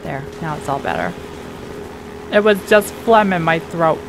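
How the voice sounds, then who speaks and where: A woman talks through a shooter game in a slow, unhurried way, chatting and teasing the enemies on screen. Her voice sounds slightly hoarse. A faint hiss sits under the recording. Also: low-pitched. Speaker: gamer playing a shooter. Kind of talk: casual let's play commentary.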